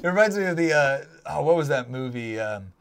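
Man, high voice, sarcastic, casual chat, co-host. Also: lively intonation, clean tone. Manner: joking, sarcastic, quick asides.

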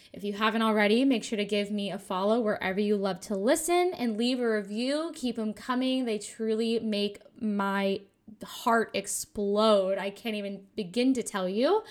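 A young woman hosting a casual spiritual podcast, gushing and chatty, often saying "you guys" and "like.". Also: a little high. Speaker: podcast host.

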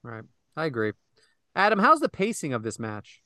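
A man's voice: a little high, moderate pace, dry recording, clean studio sound. A man hosting a casual podcast chat, recapping a match play by play and calling on his co-hosts by name. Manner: animated, calls on co-hosts by name. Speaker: podcast host.

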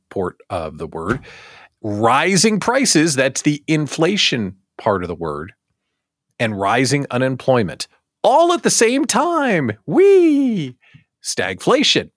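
A man hosting a daily live show for small business owners, talking in a jokey, animated way with self-deprecating asides. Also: medium pitch, no room sound, clean studio sound. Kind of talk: casual live-show monologue.

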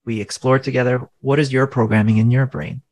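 A man's voice: medium pitch, steady tone, a little fast, a little mellow, low-quality recording. A man in his thirties, a faith-based coach, earnestly explaining in casual conversation and often asking rhetorical questions.

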